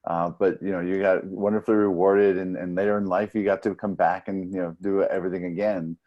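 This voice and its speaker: A man hosting an interview, responding reflectively and haltingly, with many restarts. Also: deep voice, little pitch movement, highs cut off. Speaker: interview host. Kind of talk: interview conversation.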